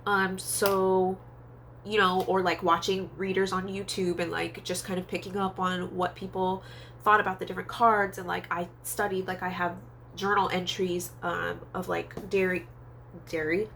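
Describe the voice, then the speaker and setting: A woman's voice: flat delivery, normal speed, vocal fry, fairly bright tone, a little hiss or hum. A young woman vlogging a candid storytime, chatty with lots of fillers, nose a little stuffy from allergies. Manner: chatty and candid, many fillers, acts out quoted voices in a high pitch. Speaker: psychic tarot reader and vlogger. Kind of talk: casual storytime monologue. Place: Hawaii.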